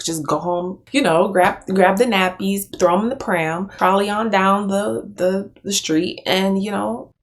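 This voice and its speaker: An American woman giving casual reaction commentary at home, chatty and incredulous, laughing often. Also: medium pitch. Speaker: commentary youtuber. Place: room at home with a cat nearby.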